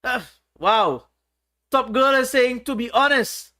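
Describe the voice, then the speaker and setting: Bright high-voiced man. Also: animated, slow pace. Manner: reads chat aloud, playful and teasing. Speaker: livestream host. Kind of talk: casual livestream chat.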